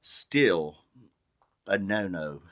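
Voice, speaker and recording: A man co-hosting a podcast, telling a true-crime story in a slow, deliberate way with joking side remarks. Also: low voice, expressive, a bit bright. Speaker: podcast co-host.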